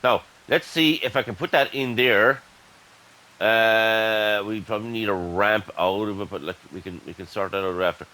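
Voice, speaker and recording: An Irish man giving casual, excitable gameplay commentary and chatting to his viewers as "lads". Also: fairly low pitch, moderate pace, rough recording. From Ireland. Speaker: gaming YouTuber.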